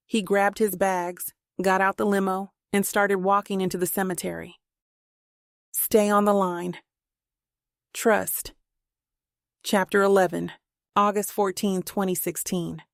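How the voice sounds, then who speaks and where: Gravelly woman reading a thriller. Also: mid-range voice, flat delivery, unhurried, pauses often, dry recording, clean studio sound. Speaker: audiobook narrator. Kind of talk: scripted thriller narration.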